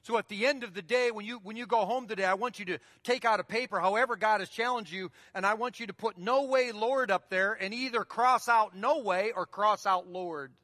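A man's voice: high voice, a little fast, hardly any pauses, sharp tone, clean studio sound. A man preaching a sermon as pastor, in a conversational style that keeps repeating key phrases, heard in a church sanctuary. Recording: long reverb of a large hall.

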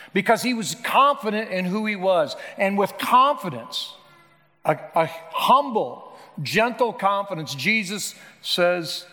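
High-voiced pastor preaching in a reverberant hall. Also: male voice, bright, forceful tone. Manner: earnest, rising to emphatic appeals. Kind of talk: sermon. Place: church sanctuary. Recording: long reverb of a church hall.

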